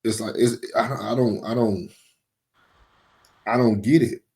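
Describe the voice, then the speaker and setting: Host, man, lower voice, easygoing and agreeable. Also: steady tone, a little slow, mellow. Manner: agreeable, frequent short affirmations. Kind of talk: casual conversation.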